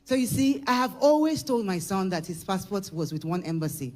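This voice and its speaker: A middle-aged Ugandan woman giving a church testimony, moving from hushed storytelling to shouted praise. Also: mid-range voice, big pitch swings, brisk. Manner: emotional, building from hushed telling to shouted praise.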